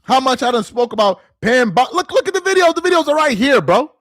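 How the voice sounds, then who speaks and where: On this echo-free clip, a sports commentary host rants at the camera, sounding exasperated and repeating phrases over and over to drive his point home. His voice is very high, a bit bright and very animated, and he talks a little fast.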